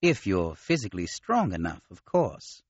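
A man voicing a polite, modest male alien commander with a nasal, gentle manner. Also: low-pitched, big pitch swings, normal speed, slightly rough, dry recording, lo-fi sound, voice pushed down, full character voice. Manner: gentle, courteous.

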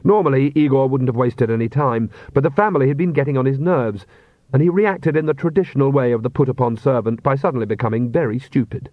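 A man narrating a comic fantasy audiobook in measured, dry storytelling. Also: mid-range voice, no room sound. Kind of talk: scripted narration. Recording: dull, dry audiobook recording.

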